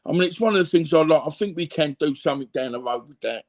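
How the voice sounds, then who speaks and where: A man's voice: a little high, animated, fast talker. A middle-aged Cockney man telling blunt, rambling stories as an interview guest, full of fillers and repeats. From London, England. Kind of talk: candid conversational storytelling.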